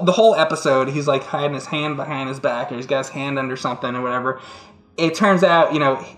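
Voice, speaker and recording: Give me a rambling, laughing man telling stories. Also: on the high side. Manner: rambling, laughing storyteller with restarts and acted-out voices. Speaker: co-host. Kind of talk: casual chat. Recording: roomy echo.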